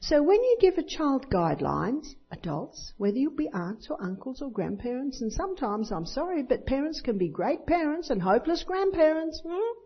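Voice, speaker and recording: An older Christian speaker's sermon comes through a dull lo-fi recording. Her voice sits high with big pitch swings, and she speaks at a moderate pace with hardly any pauses while telling personal stories and acting out voices of children and others.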